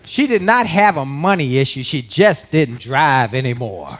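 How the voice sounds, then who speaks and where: Lively, animated man giving a motivational speech. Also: mid-range voice, moderate pace, slight background noise. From Washington, D.C. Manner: animated, folksy, talks straight to the audience. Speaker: motivational speaker. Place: conference room before a live audience.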